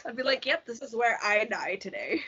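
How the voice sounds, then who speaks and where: A woman's voice: a little high, lively intonation, fairly quick, bright, forceful tone, slightly rough. Blunt, casually swearing woman. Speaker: podcast co-host. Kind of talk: casual book chat. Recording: dull lo-fi sound.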